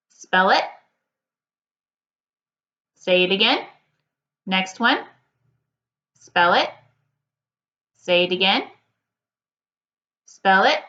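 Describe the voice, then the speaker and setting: Bright-voiced woman teaching young children. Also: medium pitch, highs cut off. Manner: slow, clear teacher prompts and repeated instructions. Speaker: first grade teacher. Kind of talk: recorded reading lesson for children.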